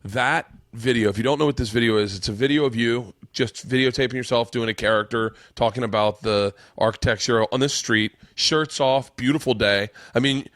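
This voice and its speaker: Excitable man hosting a podcast. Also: mid-range voice, a little fast, few pauses, no room sound, clean studio sound. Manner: excitable, swears, jumps in. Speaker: podcast host. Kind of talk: casual chat.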